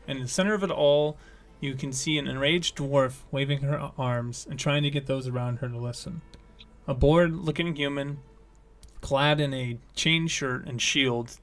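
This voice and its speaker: A man's voice: medium pitch, fairly bright tone. A man narrating as game master of a tabletop game, rambling, with many fillers and self-corrections.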